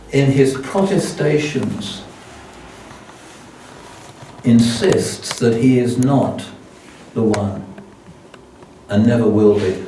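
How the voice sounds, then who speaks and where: An older man, preaching as a guest in a church hall, tells a self-deprecating anecdote within his sermon and restarts often. His warm, medium-pitched voice is recorded from far off in the echoey hall, with a little hiss or hum.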